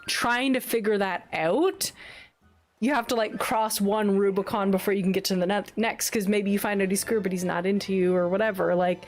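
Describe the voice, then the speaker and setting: A young woman hosting a livestream, chatting casually with her viewers in an animated, giggly way. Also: medium pitch. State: sniffly, eyes watering. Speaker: livestream host. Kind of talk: casual chat with live chat. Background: soft background music.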